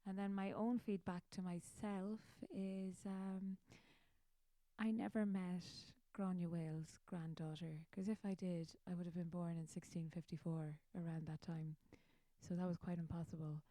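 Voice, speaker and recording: A woman's voice: lowish voice, level tone, measured pace, dark tone, no room sound. An Irish woman, a musician hosting her own show, chatting casually in a rambling, self-mocking way. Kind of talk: casual chat.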